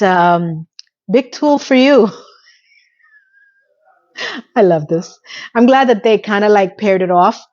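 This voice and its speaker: A woman's voice: medium pitch, a little mellow, highs cut off. A woman hosting a casual episode recap, chatty and emotional, holding back tears as she retells scenes at home. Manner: chatty, with fillers and self-interruptions. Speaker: recap podcast host.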